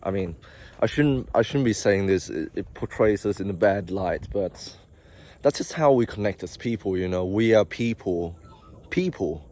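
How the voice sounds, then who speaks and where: A man's voice: fairly low pitch, lively intonation, moderate pace, warm tone. A young man who works in healthcare, talking casually and confessionally to his viewers while out of breath, rambling with frequent asides. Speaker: vlogger, healthcare worker. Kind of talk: casual talking-to-camera vlog.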